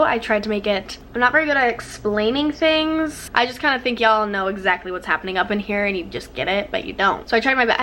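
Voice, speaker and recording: A woman's voice: a little high, a bit bright, slight background noise. A woman beauty vlogger talking through a makeup tutorial in a bubbly, gushing, casual way, full of little fillers.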